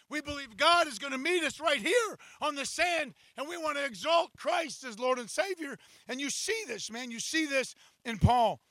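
A man preaching a sermon at an outdoor beach service, impassioned, rising to shouts at the peaks. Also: very high-pitched, no echo. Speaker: pastor.

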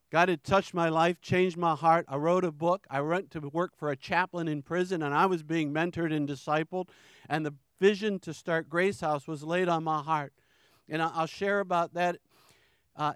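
A man's voice: fairly high pitch, smooth, no room sound. Earnest middle-aged man giving testimony. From New York. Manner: earnest, repeats words and restarts, emotional emphasis. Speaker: ministry founder giving testimony. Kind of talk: personal testimony in church.

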